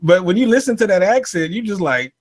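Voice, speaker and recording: Male host, chatty and animated, laughs a lot, loose podcast banter. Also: sits high, fairly quick. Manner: animated, laughs often, many fillers. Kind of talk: casual panel chat.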